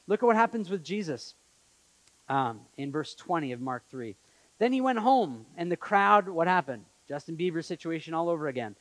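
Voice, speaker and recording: Animated man preaching a sermon. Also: high voice, no echo, low-quality recording. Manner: animated, conversational preaching with acted-out quotes. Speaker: pastor. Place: church in Montreal.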